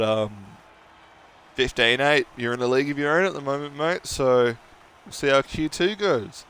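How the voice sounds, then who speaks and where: A man's voice: medium pitch, fairly bright tone. A young man commentating a sim racing stream, chatting casually and joking with viewers and drivers. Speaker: race commentator.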